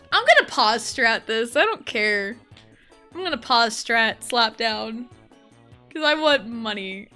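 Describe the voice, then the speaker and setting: High-pitched woman streamer, slow rambling chat, kinda exasperated, lots of ums. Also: pushed and bright. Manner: rambling, exasperated, full of fillers. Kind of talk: casual chat while gaming.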